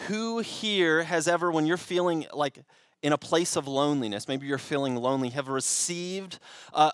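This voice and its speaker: A young man preaching a sermon to a congregation in a relaxed, conversational way, often restarting his phrases. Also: medium pitch, clear, resonant tone, no room sound. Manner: conversational with frequent restarts and fillers. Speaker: pastor.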